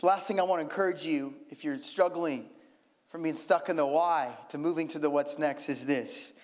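A preacher delivers a sermon with lively, conversational energy, tossing in humorous asides. His voice sits a little high for a man. The sound rings with the long reverb of a big hall. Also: moderate pace. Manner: animated, humorous asides, mimics prayers.

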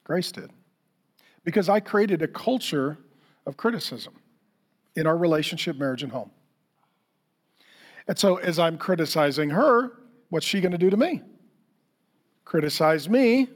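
High-voiced man preaching a candid sermon. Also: lively intonation, unhurried, long pauses, in a large hall. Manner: conversational, self-deprecating, acts out quoted dialogue. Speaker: pastor.

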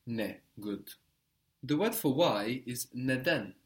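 A man's voice: mid-range voice, lively intonation, takes it slowly. A man teaching a spoken language lesson, patiently explaining step by step and prompting his learner.

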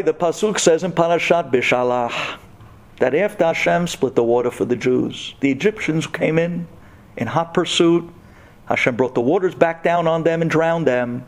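Animated man teaching Torah with jokes. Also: fairly high pitch. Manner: animated storyteller, jokes and acts out scenes. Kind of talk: humorous Torah talk to women.

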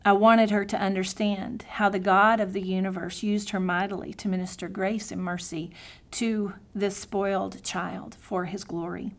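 A woman's voice: mid-range voice, little pitch movement, moderate pace. Earnest woman giving a devotional teaching. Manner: earnest, softens to near-whispers on prayers and scripture. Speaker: Bible teacher.

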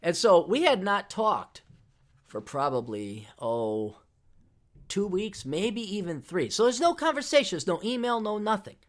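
A man talking on his podcast in a rambling, foul-mouthed way, drifting off on tangents and circling back to them. His pitch swings widely, rising and falling all through the telling, which keeps it animated. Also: unhurried. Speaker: podcast host. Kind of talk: casual storytelling monologue.

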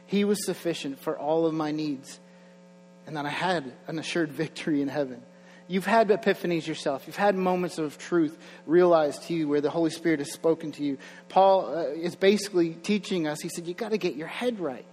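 A man's voice: fairly high pitch, normal speed, a little mellow, faint music behind. A young man preaching a sermon in a church, conversational, with chuckling asides and rising energy. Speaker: pastor. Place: church sanctuary. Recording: long hall reverb, faint mains hum.

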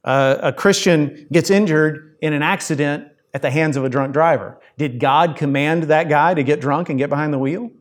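A middle-aged pastor with a drawl preaches to his congregation. His voice sits a little high for a man. He talks in a chatty way and pokes fun at himself. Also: normal speed, hardly any pauses. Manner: conversational and self-deprecating, speaking straight to the congregation. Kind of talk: sermon.

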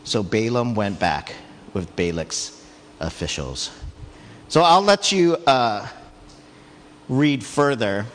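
A man preaching a sermon, retelling a story in a lively, conversational way with frequent asides. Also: on the low side, takes it slowly, long pauses. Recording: long hall reverb.

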